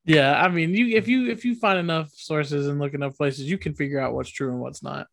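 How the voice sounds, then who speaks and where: A man's voice: a little high, fairly quick, creaky, a bit bright, dry recording, studio quality. A man co-hosting a podcast in casual chat, slangy, calling his friend "bro" and "dude".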